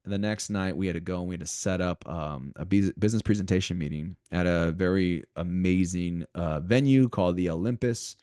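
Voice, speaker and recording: Deep-voiced man hosting a motivational podcast. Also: fairly quick, few pauses, no room sound, studio quality. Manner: animated, repeats himself, talks straight to listeners. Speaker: podcast co-host.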